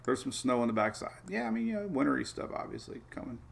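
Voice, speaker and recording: A man hosting a casual live weather show, chatting in a rambling way with excitable asides while looking over the maps. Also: medium pitch, fast talker, creaky.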